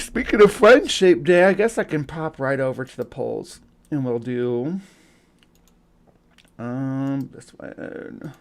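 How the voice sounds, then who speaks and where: A man hosting a casual livestream, rambling with lots of fillers and restarts. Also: a little high. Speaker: host.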